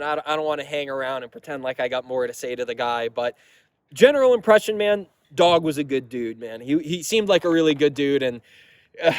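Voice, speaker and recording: Young man, rambling story, lots of swearing, fairly high voice, dry close sound. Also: no room sound. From Massachusetts. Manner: rambling, profane, laughing, quick asides. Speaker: metal vlogger. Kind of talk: casual storytelling to camera.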